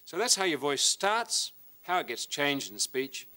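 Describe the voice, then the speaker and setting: A man's voice: on the high side, measured pace. A middle-aged man presenting a science lesson, explaining and demonstrating with a model as he talks. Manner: lively, hands-on demonstrator.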